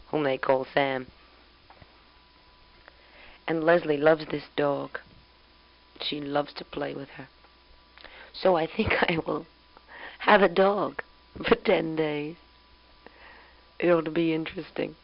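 A woman's voice: low-pitched, highs cut off. A young woman recording a spoken letter on tape to her husband, chatty, fond and amused as she tells family news.

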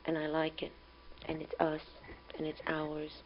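Young mother, low voice, calm and tender, reflective spoken letter on a muffled home tape with a faint hum. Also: unhurried. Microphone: home tape recorder.

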